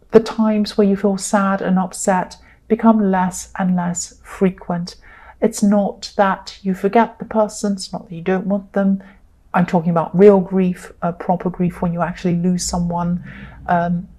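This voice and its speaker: A woman giving a solo tarot reading, speaking gently and reassuringly with frequent ums. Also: medium pitch. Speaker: tarot reader.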